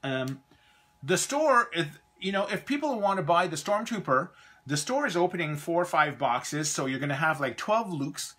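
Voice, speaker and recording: Canadian man, live-stream toy host, bright forceful voice, loose rambling delivery. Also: on the high side, very animated, moderate pace, slightly rough. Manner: rambling, chatty, trails off mid-thought. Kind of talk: casual live-stream chat.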